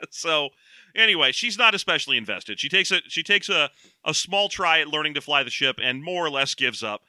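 A man's voice: a little high, lively intonation, moderate pace, sharp tone, dry recording. A man co-hosting a casual podcast, recapping a story in a joking, rambling way. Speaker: podcast co-host. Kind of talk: casual book-discussion chat.

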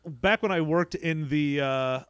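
A man's voice: a little high, a little slow, fairly bright tone, clean tone, no room sound. A man co-hosting a podcast who banters in a laid-back, joking way and often says "man". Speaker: podcast co-host. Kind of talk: casual chat.

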